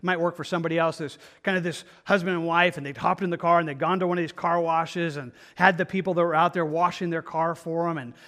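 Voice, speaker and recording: A man's voice: fairly high pitch, steady tone, fast talker, few pauses, a bit bright. A man teaching a Bible study in an earnest, conversational way, often restarting his phrases. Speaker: pastor.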